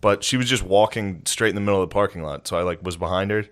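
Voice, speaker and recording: A man's voice: low voice, fast talker. A man co-hosting a comedy podcast, telling crude stories with swearing, laughing and exaggerated impressions of the people in them. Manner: storytelling with exaggerated impressions of others. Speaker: podcast co-host. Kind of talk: casual comedy podcast banter.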